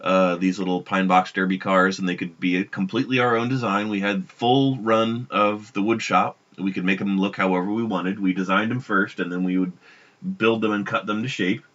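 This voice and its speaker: A man's voice: lowish voice, fairly even intonation, moderate pace, a bit bright. A man co-hosting a casual podcast, telling a long story in a rambling way with frequent restarts. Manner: rambling, self-interrupting storyteller. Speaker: podcast co-host. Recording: dull lo-fi podcast audio.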